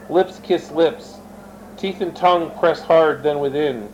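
A man with a somewhat high-pitched voice gives a dramatic reading of his own story. He moves between plain narration and the characters' lines, and he sometimes turns to speak straight to his listeners. A faint hiss sits under the voice. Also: unhurried, muffled recording. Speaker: reader of his own fiction.

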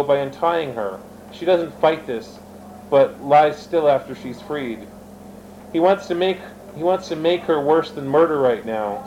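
A man with a somewhat high-pitched voice gives a dramatic reading of his own story. He moves between plain narration and the characters' lines, and he sometimes turns to speak straight to his listeners. A faint hiss sits under the voice. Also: a little mellow, low-quality recording. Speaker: reader of his own fiction.

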